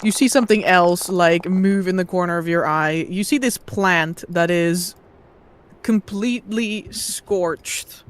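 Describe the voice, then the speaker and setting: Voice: mid-range voice, slow pace. A game master narrating a tabletop fantasy game in a casual way, with many fillers and laughs.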